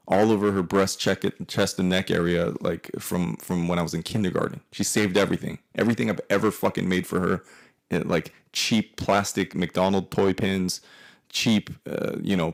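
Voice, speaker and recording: A man's voice: deep voice, creaky. A man in his forties telling a profane, rambling comic story about his family, with frequent restarts. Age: 40s. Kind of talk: comedic personal storytelling.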